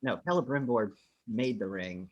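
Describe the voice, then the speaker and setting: A man with a lowish voice co-hosts a podcast, casually retelling movie scenes in an animated way with lots of swearing. He speaks at a moderate pace, and the audio sounds dull.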